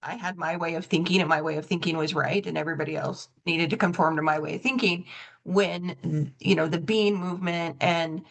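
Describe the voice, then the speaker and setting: A woman's voice: fairly low pitch, steady tone, fairly quick, gravelly. A woman hosting a coaching podcast, reflective and self-correcting, telling stories and acting out both sides of the dialogue. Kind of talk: conversational interview.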